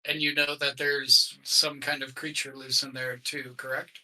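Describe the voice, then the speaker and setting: A man's voice: medium pitch, level tone, unhurried, pushed and bright, rough recording. A man playing a tabletop game, asking questions and laughing. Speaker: player. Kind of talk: casual tabletop game play.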